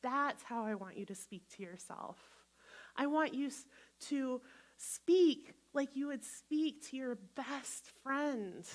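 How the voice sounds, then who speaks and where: A woman minister giving a gentle, conversational sermon to a congregation, acting out inner voices as she talks. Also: high-pitched. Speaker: guest minister.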